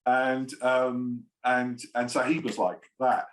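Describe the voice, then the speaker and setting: A man's voice: mid-range voice, completely flat delivery, slow. A man talking as an interview guest, circling his point with ums and laughing often. His voice carries a noticeable room echo. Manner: rambling, many fillers, laughs often. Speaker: screenwriter and producer guest. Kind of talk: casual interview chat.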